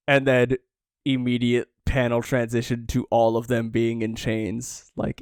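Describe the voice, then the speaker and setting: Man, casual podcast co-host, sighing, emotional, average pitch, dry sound. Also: fairly even intonation, measured pace, smooth, no echo. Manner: emotional, sighing, reads dialogue quietly. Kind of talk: casual chat, reading manga panels aloud.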